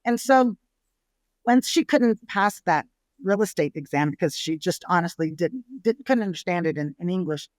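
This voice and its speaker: A woman's voice: fairly low pitch, moderate pace, no room sound. Give me a middle-aged Texan restaurateur woman recounting family stories, with a dry, close sound. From San Antonio, Texas. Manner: lively storyteller who acts out family quotes. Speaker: restaurateur guest. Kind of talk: casual storytelling interview.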